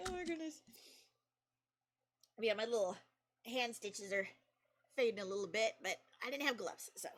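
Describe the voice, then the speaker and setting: A young woman streamer chatting casually, giggling often and rambling through her stories. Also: a little high. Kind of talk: casual chat.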